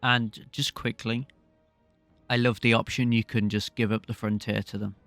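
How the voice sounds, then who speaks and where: A man's voice: mid-range voice, little pitch movement, normal speed, a bit bright, no echo, faint music behind. A man co-hosting a podcast, thinking aloud in a rambling, casual way. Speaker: podcast co-host. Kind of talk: casual game discussion.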